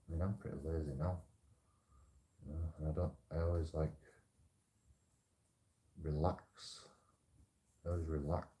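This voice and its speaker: A man's voice: low-pitched, a little mellow, roomy sound. A man hosting his own channel, talking in a casual, rambling monologue that repeats phrases, restarts and swears freely. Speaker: channel host.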